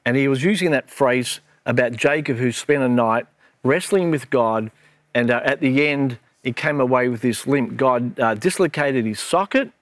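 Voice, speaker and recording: Middle-aged minister, reflective and earnest, dry studio sound. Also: male voice, mid-range voice, moderate pace, a bit bright, dry recording. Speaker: minister co-hosting with his daughter. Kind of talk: casual Bible discussion.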